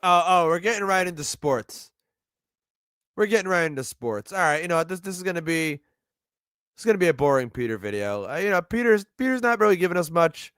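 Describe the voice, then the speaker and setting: A man's voice: high-pitched, very animated, fairly quick, fairly bright tone, smooth, no echo, studio quality. A man with a New York accent giving sardonic, profane live commentary on a video he is watching. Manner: sardonic, profane, rambling asides. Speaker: streamer reacting to a video.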